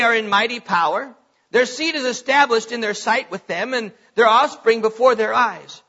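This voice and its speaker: A man's voice: high-pitched, pushed and bright, breathy edge, lo-fi sound. A man preaching a sermon as pastor, reading scripture aloud with bursts of emphasis.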